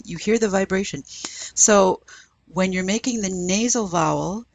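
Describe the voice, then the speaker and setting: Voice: medium pitch, unhurried, vocal fry. A French professor giving a classroom lecture, patiently demonstrating each sound and having the class repeat.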